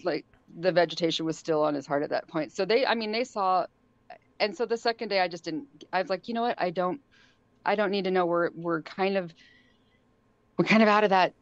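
A woman's voice: mid-range voice, no echo. A middle-aged woman telling a story casually on a podcast, laughing often and acting out what people said. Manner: animated, laughs often, acts out quotes. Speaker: guest. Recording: dull lo-fi sound.

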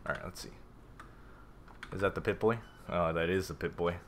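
A man casually commenting on a game as he plays, reading notes aloud, swearing and reacting loudly. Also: sits low, fairly even intonation, normal speed. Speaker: gameplay streamer. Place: home room with a cat.

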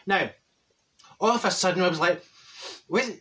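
In a comic character monologue, a man with a high-pitched, bright, forceful voice plays a straight-talking older Glaswegian woman at a moderate pace. Gossipy and chatty, he tells a funny story in a broad Glaswegian Scottish accent, full of "wee" and "right?".

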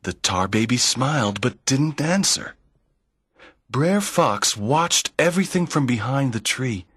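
A man reads a folk tale aloud slowly, in a measured way meant for learners. His voice is a little husky. The sound is dry and close, with no room around it. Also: medium pitch, animated, a bit bright, no room sound. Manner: clear, measured storytelling. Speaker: narrator of a graded reader. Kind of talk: slow scripted narration for learners.

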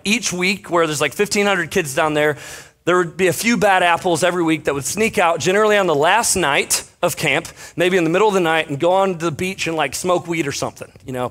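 A young male pastor speaks to his congregation with a fairly high-pitched voice. He tells a long, self-deprecating story, full of fillers and quick jokes. The delivery is loose and conversational. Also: fairly bright tone. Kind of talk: casual storytelling sermon. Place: church stage before a congregation.

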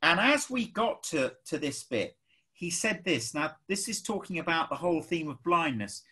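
English guy preaching, bouncy animated voice, kinda husky, slightly high. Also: normal speed. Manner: animated and emphatic, acting out quoted people. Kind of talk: sermon.

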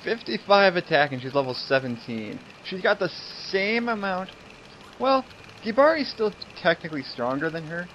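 Excitable young man commenting on gameplay. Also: high-pitched, moderate pace, slight background noise. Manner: excited, chatty, laughs often, swears. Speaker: game streamer. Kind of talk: casual let's-play commentary. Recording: slightly dull home mic with game music.

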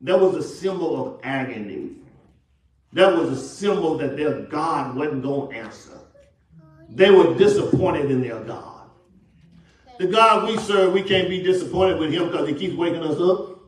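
A man's voice: on the high side, animated, unhurried. A Southern American man preaching a sermon to his congregation, asking them questions and acting out the voices of the people in his story. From Texas. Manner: call-and-response preaching, acts out quotes. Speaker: pastor. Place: church sanctuary. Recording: echoey church from a distance.

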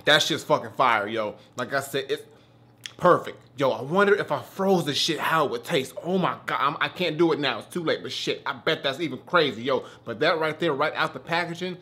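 A man's voice: fairly high pitch, fairly quick. A man hosting a casual food review, swearing often and getting worked up as he eats between sentences. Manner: profane, excitable, talks while eating.

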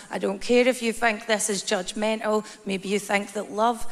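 A woman's voice: on the high side, slow pace, pauses often, fairly bright tone, long reverb tail, a little hiss or hum. A woman with a Scottish accent doing a stand-up comedy set on stage, blunt and brash in her storytelling. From Scotland. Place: large theatre stage.

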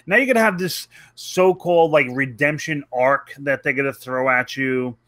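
A man's voice: mid-range voice, moderate pace, a bit bright, no echo. A man co-hosting a casual podcast, rambling and swearing with lots of fillers. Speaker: podcast co-host.

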